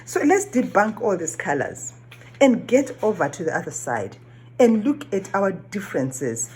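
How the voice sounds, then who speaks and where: A woman's voice: mid-range voice, very animated, unhurried, darkish tone. A woman whose first language is not English, giving an earnest reflective monologue, often asking questions and repeating phrases. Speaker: vlogger.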